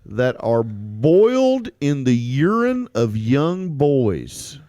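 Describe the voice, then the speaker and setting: Slow, lively, teasing podcast co-host. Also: male voice, mid-range voice, no room sound, studio quality. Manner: playful, teasing. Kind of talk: casual podcast chat.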